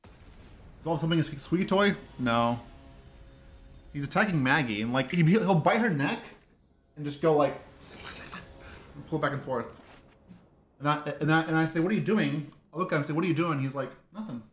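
A man's voice: on the high side, moderate pace, pauses often, reverberant, slight background noise. A man casually commentating his own card game stream, muttering to himself and chatting loosely with viewers. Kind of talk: casual live gameplay commentary.

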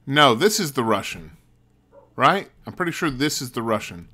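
A man's voice: mid-range voice, sing-song, moderate pace, pushed and bright, husky. Man muttering through a mystery game. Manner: thinking aloud, muttering to himself. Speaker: streamer. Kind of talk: let's play commentary. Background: game music.

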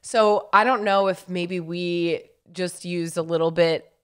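A woman's voice: fairly low pitch, steady tone, unhurried, smooth. Chatty laughing woman podcast co-host. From California. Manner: chatty, laughs often, lots of fillers. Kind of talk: casual chat.

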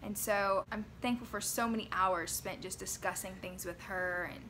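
Bright-voiced young mother reminiscing earnestly. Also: medium pitch, fairly even intonation, normal speed, slight background noise. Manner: earnest, reflective and gentle storytelling. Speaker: mother sharing family memories. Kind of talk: personal reminiscence to camera. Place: at home.

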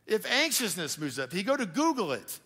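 A male pastor preaching a sermon in a conversational, animated way, with quick asides to the congregation. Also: high voice, husky. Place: church auditorium. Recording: live church hall with long reverb.

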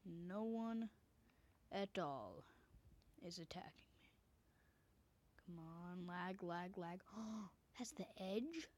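A woman's voice: on the low side, expressive, slow, pauses often, a little mellow. A woman commenting on a game she plays from her bedroom, often dropping into a whisper, into a desk microphone. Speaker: gamer. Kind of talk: casual gameplay commentary.

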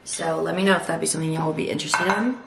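A young woman, telling a story to camera in a rapid, chatty way full of "like.". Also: sits low, fairly even intonation, vocal fry. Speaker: vlogger. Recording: roomy echo, faint background noise.

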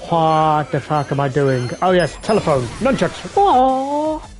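A man commentating a live game stream, excitable and swearing heavily, jumping between yelps and mutters. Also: fairly high pitch, slow, soft background music.

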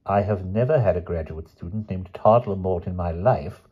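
A man's voice: low voice, normal speed, husky, muffled recording. A man doing a grim, querulous old doctor. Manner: gloomy and fretful.

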